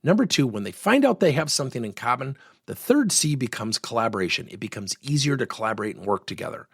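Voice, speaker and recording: Middle-aged man, coaching lesson, lively storyteller, husky voice, dry close sound. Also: medium pitch, fast talker, no room sound. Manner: animated, acts out quoted dialogue. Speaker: workplace coaching trainer.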